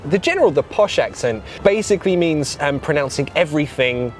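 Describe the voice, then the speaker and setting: A woman's voice: deep voice, lively intonation, fairly quick, a little mellow, faint music behind. A woman with a London accent, chatting casually as a guest and demonstrating ways of pronouncing English. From London, England. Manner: explains pronunciation and demonstrates accents. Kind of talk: casual chat.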